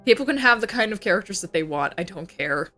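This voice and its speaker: Brash, bright-voiced young woman ranting. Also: medium pitch, expressive, fast talker, faint music behind. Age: young adult. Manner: profane, heated ranting with mocking put-on voices. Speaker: VTuber livestreamer. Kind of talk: casual ranting livestream chat.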